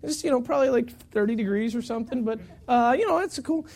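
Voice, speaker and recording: Male pastor, very high voice, lively self-mocking sermon storyteller. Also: fast, creaky. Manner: animated, self-mocking storyteller with acted-out quotes.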